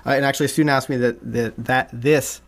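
A man's voice: medium pitch, steady tone, fast talker. A man hosting a live podcast in a loose, enthusiastic way with many fillers. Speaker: podcast host and dog trainer.

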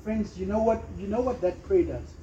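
A man's voice: high voice, expressive, normal speed, dark tone, slight background noise. A man preaching a sermon emphatically, acting out little quotes and prayers. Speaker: pastor. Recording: echoey room, slightly dull sound.

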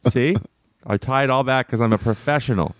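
A man's voice: medium pitch, fairly quick, no echo, studio quality. A man co-hosting a podcast, joking in casual chat and often restarting his sentences. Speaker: podcast co-host.

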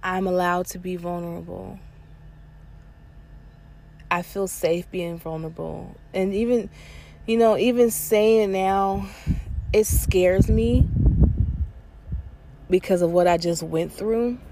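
A woman's voice: lowish voice, steady tone, slow, vocal fry, pauses often, warm tone, slight background noise. A woman in her thirties talking candidly and emotionally on her own podcast, recorded on her lunch break near an airport. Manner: candid and emotional, with frequent fillers and laughs. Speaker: podcast host. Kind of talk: casual personal podcast monologue.

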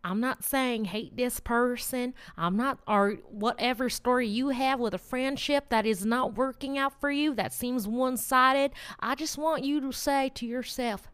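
Smooth, a little high and measured in pace with hardly any pauses, this woman's voice carries a casual motivational talk to camera. Hosting her weekly vlog, she chats animatedly, rambles, laughs and teases while speaking directly to her viewers.

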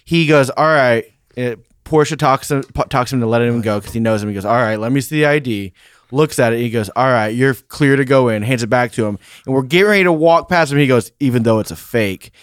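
A man's voice: mid-range voice, brisk, smooth, no room sound, studio quality. A man in casual chat, cutting in to add details to a shared story.

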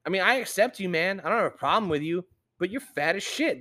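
A young man hosting a casual podcast, swearing constantly and ranting with loud outbursts. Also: high voice, expressive, fast. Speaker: podcast host.

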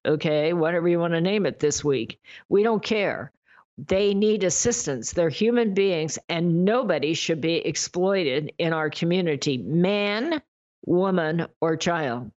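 Earnest low-voiced woman host, lo-fi. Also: a little mellow. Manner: earnest, folksy, pleading. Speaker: show host. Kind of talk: talk radio closing remarks.

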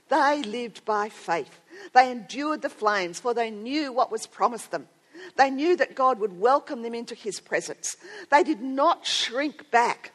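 A middle-aged woman giving a sermon to women, telling a story earnestly and building to strong emphasis. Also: mid-range voice. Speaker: speaker at a women's gathering.

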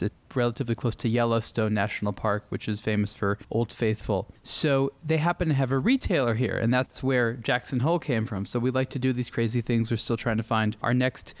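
A man co-hosting a watch podcast, upbeat and quick to laugh. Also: mid-range voice, steady tone. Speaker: podcast co-host. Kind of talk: casual podcast chat.

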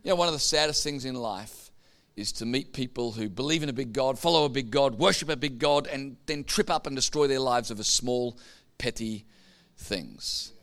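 A man's voice: mid-range voice, moderate pace, fairly bright tone. A man preaching a sermon, telling stories and building up to emphatic points. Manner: storytelling, building to emphatic peaks. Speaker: pastor.

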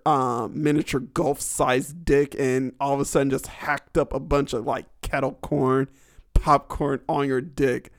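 A man's voice: mid-range voice, no echo, clean studio sound. A young man hosting a podcast alone, rambling crudely with lots of fillers and frequent laughter. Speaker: podcast host. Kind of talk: casual solo podcast storytelling.

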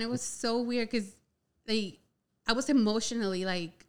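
A young woman casually telling a personal story, chatty and animated, with a lot of "like" filler. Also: on the high side, moderate pace, clean tone. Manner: chatty, heavy use of "like" filler, animated retelling.

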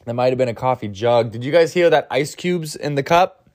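A man's voice: medium pitch, a little fast, darkish tone. A man hosting a solo comedy podcast, rambling and crude with self-mocking humor, groggy from an early start. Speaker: podcast host.

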